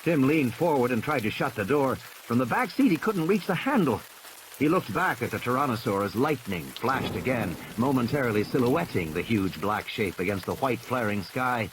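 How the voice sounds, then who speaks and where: A male narrator reads dramatic fiction with a lively, swinging delivery that swells as the tension builds. A steady rain patters clearly behind him. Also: medium pitch, moderate pace. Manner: expressive, rising with the tension. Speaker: audiobook narrator. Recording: rain noise in background.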